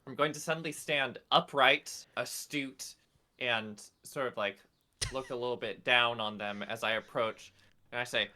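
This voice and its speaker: Bright-voiced male tabletop player. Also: mid-range voice, fairly even intonation, unhurried. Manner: rambling, hesitant. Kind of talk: casual tabletop play.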